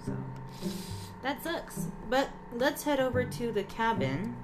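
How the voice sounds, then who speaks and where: A woman's voice: on the high side, very animated, slow, over music. A woman co-hosting a podcast, casually recapping an episode, chatty and often laughing. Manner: chatty, laughs often, does silly voices. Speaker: podcast co-host.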